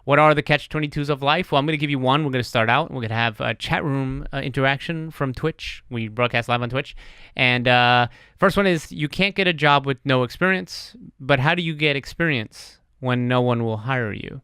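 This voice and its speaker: Guy hosting a podcast, rambly and self-mocking, bright crisp voice, dry sound. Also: mid-range voice, a little fast, dry recording. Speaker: podcast host. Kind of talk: casual podcast chat. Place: streamed live on Twitch.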